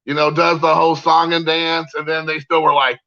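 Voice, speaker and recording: A man's voice: a little high, flat delivery, fairly quick, bright, forceful tone, lo-fi sound. A man giving a heated, rambling opinion rant, repeating himself and leaning on fillers. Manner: heated, repetitive, many fillers. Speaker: card collector vlogger.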